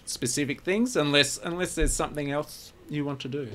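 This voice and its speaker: A man's voice: fairly high pitch, normal speed, a bit bright, a little hiss or hum. A man narrating a tabletop game as game master, in loose, rambling narration with fillers.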